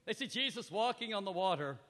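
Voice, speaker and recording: A man's voice: sits high, lively intonation, brisk. A man preaching a sermon, reading scripture and speaking emphatically, often asking the audience questions. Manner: emphatic, dramatic swings in loudness; addresses the audience directly with questions. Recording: reverberant hall.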